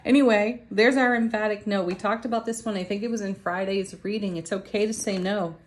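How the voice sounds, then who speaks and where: A woman's voice: medium pitch, fairly even intonation, fairly quick, slight background noise. A woman reading tarot cards to her viewers in a casual, chatty, upbeat way. She laughs often and talks straight to her audience. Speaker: tarot reader.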